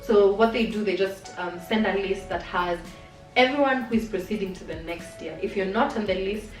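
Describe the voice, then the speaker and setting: A woman's voice: mid-range voice, moderate pace, far from the mic. Young woman vlogger, candid and chatty. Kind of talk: personal storytelling to camera. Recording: roomy sound from off-mic, faint music.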